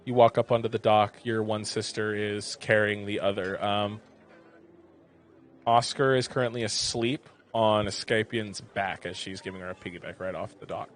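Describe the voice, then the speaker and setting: A man narrating a tabletop game as game master, describing scenes in a relaxed way with plenty of filler words. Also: fairly low pitch, moderate pace, slight background noise.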